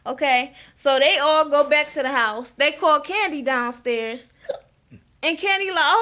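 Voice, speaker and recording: Chatty high-voiced woman recapping TV. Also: measured pace, bright, forceful tone. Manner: chatty, frank, says "okay?" often. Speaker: reality TV recap vlogger. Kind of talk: casual episode recap.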